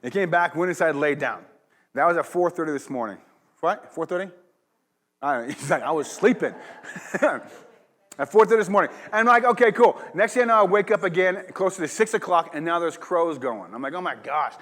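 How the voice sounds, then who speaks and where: A man's voice: a little high, expressive, a little fast, a bit bright. A pastor giving a sermon, telling a rambling personal story in a casual, chatty way and laughing along as he goes. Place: church.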